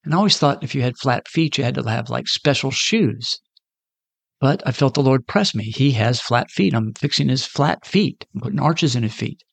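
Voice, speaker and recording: In an animated sermon story told at moderate pace, a man talks conversationally and performs the quoted voices of the people involved. His medium-pitched voice has vocal fry and is slightly rough, with no room sound.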